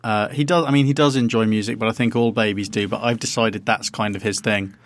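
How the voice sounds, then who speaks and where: A man's voice: lowish voice, fairly even intonation, fairly quick. A man, co-hosting a casual podcast and chatting in a rambling, self-interrupting way. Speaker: podcast co-host. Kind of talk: casual chat.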